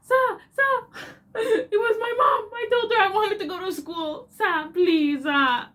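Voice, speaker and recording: A woman voicing her child self as a sobbing young schoolgirl begging a principal, in a Kenyan English accent, wailing high and tearful. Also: steady tone, unhurried, a bit bright. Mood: sobbing, pleading.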